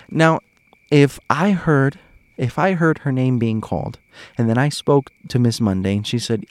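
A man's voice: medium pitch, expressive, normal speed, no room sound. A man hosting a podcast, chatting casually and animatedly straight to his listeners with frequent chuckles. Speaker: podcast host. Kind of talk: casual storytelling chat.

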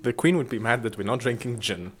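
A man's voice: mid-range voice, a little fast, noisy background. A man co-hosting a casual podcast, joking in a playfully absurd way. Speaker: podcast co-host. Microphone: podcast microphone.

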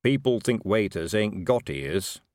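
A man's voice: on the low side, expressive, unhurried, a little mellow, no echo, studio quality. A man voicing a careful, knowing male street food vendor in an audiobook. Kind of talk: audiobook character voice.

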